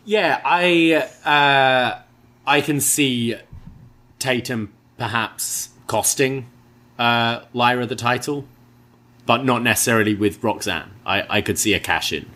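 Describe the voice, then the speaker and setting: A man's voice: medium pitch, slow, pushed and bright. A man co-hosting a casual wrestling review, chatting through his predictions and opinions in a hedging way. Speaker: wrestling show co-host.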